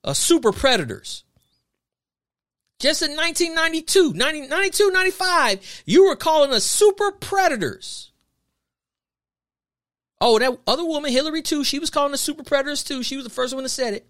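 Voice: high voice, very animated, a little fast, pauses often, a bit bright. A podcast host delivering an emphatic, preachy opinion monologue full of rhetorical questions and repeated phrases.

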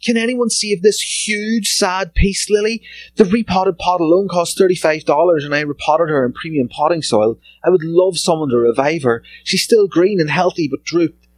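A man's voice: high voice, moderate pace, dry recording, pitched above the performer's own voice. A man reading out a post in a raised, mocking voice as a fussy young woman who owns a plant. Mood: pleading.

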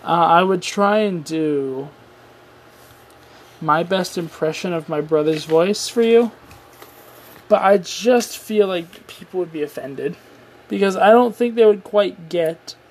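A man with a voice pitched a little above the usual, talking alone on his podcast. He sounds tired and rambles loosely, dropping casual swears and running himself down as he goes. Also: unhurried. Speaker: podcast host. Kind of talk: casual solo podcast rant.

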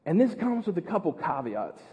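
An American man preaching a sermon as pastor, earnest, repeating words and building to loud emphasis. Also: sits high, big pitch swings, fairly quick, in a large hall. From United States. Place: church.

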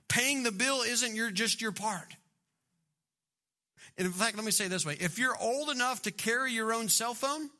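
A man's voice: extremely high pitch, pushed and bright. A middle-aged man preaching a sermon, joking and acting out quoted voices. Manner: humorous, acts out quoted voices. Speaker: pastor.

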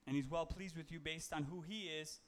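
A man's voice: fairly high pitch, moderate pace. A man giving a casual, conversational sermon, reading Bible verses and talking them through with fillers and self-corrections. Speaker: preacher.

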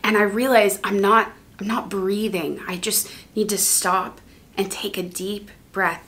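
A woman giving a gentle devotional talk, then praying in a soft, hushed voice. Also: mid-range voice, fairly even intonation, slight background noise. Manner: gentle, unhurried, grows soft and hushed in prayer. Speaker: preacher.

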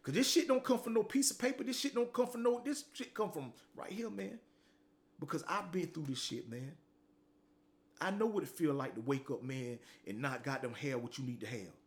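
A middle-aged man holds forth in an unscripted motivational monologue as a talk show host. His voice sits high for a man, and he talks in a blunt, profane, preachy way, dropping "man" after nearly every phrase. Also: lively intonation, normal speed.

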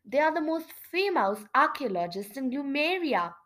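Woman voicing a mischievous female mouse, eager, squeaky, storybook reading, bright. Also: sing-song, normal speed. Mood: explaining.

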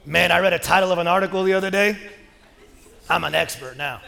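A man's voice: sits high, fast, creaky, pushed and bright. A man preaching a sermon as pastor, talking in a casual, joking, conversational way. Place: church sanctuary. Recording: long reverb of a large hall.

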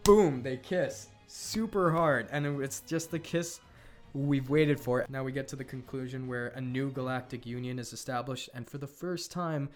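Laughing man retelling a plot, music behind. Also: medium pitch. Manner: laughs often, quick voiced quotes of characters. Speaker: podcast co-host retelling a rewritten film plot. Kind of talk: casual animated storytelling chat.

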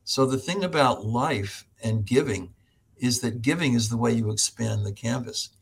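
A middle-aged American man, a professor, telling stories as a podcast guest, animated, laughing often and acting out other people's voices. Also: mid-range voice, normal speed, gravelly, slightly rough. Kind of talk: storytelling in an interview.

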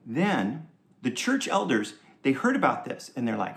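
Pastor, male, slight fry in the voice, chatty teaching sermon with light humor. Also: mid-range voice, very animated, unhurried. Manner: conversational and joking, with frequent laughs and asides.

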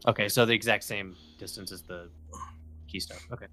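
A man's voice: fairly low pitch, fairly even intonation, a little fast, sharp tone, faint music behind. A man playing a tabletop game, easygoing in casual chat, reading rules aloud in a mumble. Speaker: player.

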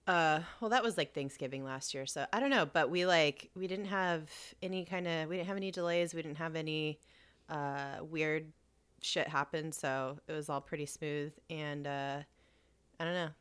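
A woman in relaxed casual chat who swears freely and laughs easily. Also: deep voice, normal speed, clean tone.

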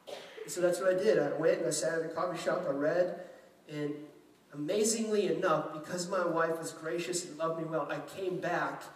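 A male pastor from Louisiana preaching in a chatty, self-deprecating way, acting out quotes. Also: a little high. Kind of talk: sermon. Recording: echoey room, mic at a distance.

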